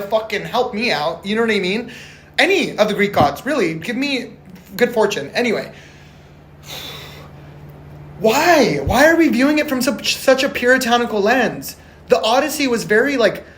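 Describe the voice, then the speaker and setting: A man's voice: very high voice, a bit bright. A man talking to camera in a casual vlog. He rambles, swears often and sounds passionate and frustrated. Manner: rambling, emphatic, swears a lot. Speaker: vlogger reviewing a film.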